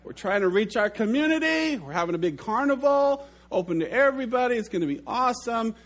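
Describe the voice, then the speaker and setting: A middle-aged pastor preaching a sermon, telling stories with lively swings in his delivery. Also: extremely high pitch, fairly quick. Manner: animated storytelling, acts out his own shouted outburst.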